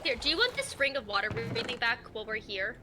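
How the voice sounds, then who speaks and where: A woman's voice: fairly high pitch, big pitch swings, fast talker, over music. A woman in casual, playful chat while playing a game together. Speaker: game co-player.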